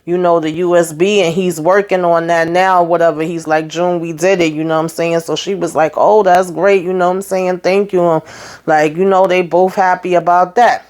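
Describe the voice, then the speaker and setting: A woman casually recapping a TV episode, retelling scenes in an animated, chatty way and calling listeners child and honey. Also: on the low side, normal speed. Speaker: TV show recapper.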